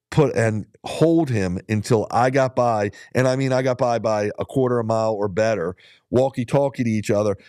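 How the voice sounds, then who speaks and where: A middle-aged man with a fairly low voice tells his dog-mushing stories in a loose, rambling way, stopping often to restart a thought. The sound is dry and close, with hardly any room around it. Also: a little mellow, no echo. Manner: rambling storyteller, many fillers and restarts. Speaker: dog musher and vlogger. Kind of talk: casual talk to viewers while out on a ride.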